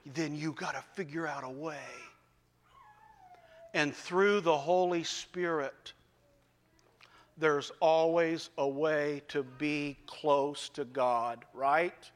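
A man preaching a sermon, telling folksy stories in a conversational way and slowing down for emphasis. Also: a little high, steady tone. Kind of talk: sermon with storytelling. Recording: reverberant hall.

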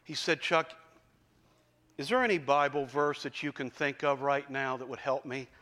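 A man preaching a sermon, telling folksy stories in a conversational way and slowing down for emphasis. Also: medium pitch, pushed and bright. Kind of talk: sermon with storytelling. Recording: reverberant hall.

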